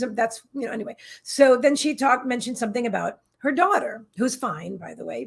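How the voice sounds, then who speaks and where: A middle-aged woman with a slightly high voice hosts a casual psychic livestream. She tells her story in an emotional, rambling way, restarting her sentences and turning aside to greet viewers in the chat. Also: creaky, slightly rough.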